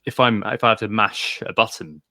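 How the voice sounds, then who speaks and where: Co-host: man, low gravelly voice, dry close mic, halting chatter. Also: sharp tone, no echo. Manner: hesitant, many ums and restarts. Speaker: podcast co-host. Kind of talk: casual chat.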